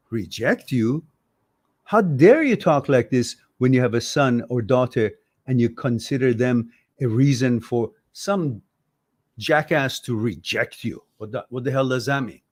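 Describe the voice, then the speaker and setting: A man's voice: mid-range voice, animated, unhurried, darkish tone. A man hosting an advice talk show, speaking bluntly and passionately, swearing when riled and acting out both sides of conversations. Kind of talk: livestream advice talk reading viewer comments.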